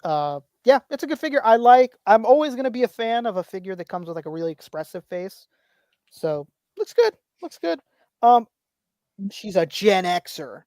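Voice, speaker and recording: Woman host rambling thru a chill toy chat, mid pitch, dry close sound, keeps repeating herself. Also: expressive, moderate pace, darkish tone, no room sound. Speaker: podcast host reading viewer chats. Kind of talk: casual toy-collector chat.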